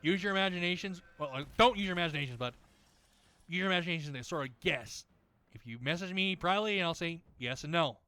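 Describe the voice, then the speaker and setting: A man's voice: on the high side, fast, sharp tone, no room sound. A man chatting casually while playing a video game, ranting at length with heavy swearing and rambling restarts. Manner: rambling, many restarts and fillers. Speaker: gaming video creator. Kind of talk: casual chat over gameplay.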